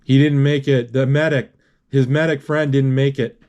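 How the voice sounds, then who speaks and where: A man retelling a film scene by scene in an unscripted, halting way, with many restarts and spoken sound effects. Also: mid-range voice, steady tone, darkish tone.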